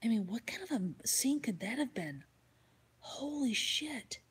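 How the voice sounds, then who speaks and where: A woman's voice: fairly high pitch, big pitch swings, unhurried, breathy edge. A woman hosting a livestream, casually retelling a story and answering chat, swearing freely and slipping into whispered asides. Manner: reads and answers chat comments. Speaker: livestream host.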